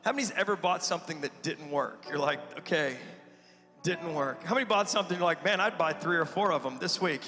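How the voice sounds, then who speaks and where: A man gives a lively, joking sermon in a church sanctuary, teasing the congregation between points. His voice sits high and bright. A long hall reverb and faint music hang behind him. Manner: joking, animated preacher with laughs and audience asides. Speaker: pastor.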